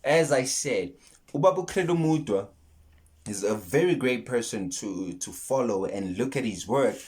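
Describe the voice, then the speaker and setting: Earnestly picking apart a movie in a casual monologue, this YouTube commentator speaks in a mid-range, a little mellow voice. He recounts scenes and keeps restarting and repeating his words.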